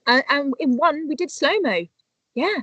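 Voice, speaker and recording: A woman's voice: high voice, lively intonation, measured pace, fairly bright tone, no echo, low-quality recording. A woman co-hosting a casual live stream, upbeat and teasing, reading out viewer messages. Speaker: co-host.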